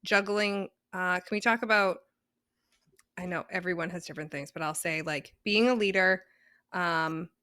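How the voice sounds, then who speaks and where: Bright-voiced chatty woman with a Boston accent. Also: on the low side, normal speed, dry recording. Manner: chatty and playful, rambling with fillers. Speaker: podcast co-host. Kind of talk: casual chat.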